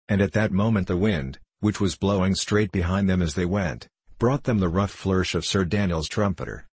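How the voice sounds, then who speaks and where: A man reading a classic novel aloud in a measured storytelling manner. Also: low-pitched, slightly rough, dry recording. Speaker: audiobook reader. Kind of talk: scripted narration of a classic novel.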